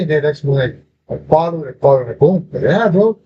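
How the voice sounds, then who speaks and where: Guy telling a wild story, cussing, says bro every line, kinda high voice, muffled lo-fi audio. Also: animated, a little fast. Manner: profane, street slang, says "bro" constantly. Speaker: podcast host. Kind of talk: casual storytelling. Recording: dull lo-fi audio with faint noise.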